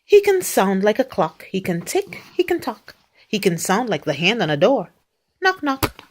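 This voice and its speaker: A woman's voice: mid-range voice, big pitch swings, moderate pace, a little mellow. A woman reading picture books aloud to a young child, playfully acting out animal noises and sound effects.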